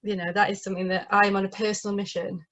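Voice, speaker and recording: Quick-paced and a bit bright, this mid-range female voice shows little pitch movement. She's a playwright from northeast England with a northeast English accent, talking casually in an interview over a video call, full of fillers and restarts.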